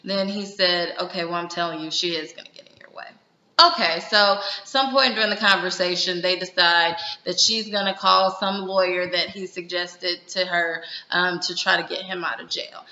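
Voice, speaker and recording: A woman's voice: fairly low pitch, steady tone, moderate pace, bright, forceful tone. A woman casually recapping a TV drama episode, retelling scenes with quoted lines and plenty of ums. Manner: retelling scenes in quoted dialogue, many fillers. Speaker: TV show recapper. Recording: roomy, dull lo-fi sound.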